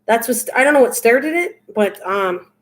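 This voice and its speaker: A woman's voice: on the high side, animated, normal speed, a bit bright. An older woman hosting a craft livestream, chatting casually with her viewers in a goofy, teasing, rambling way. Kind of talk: casual chat with live viewers.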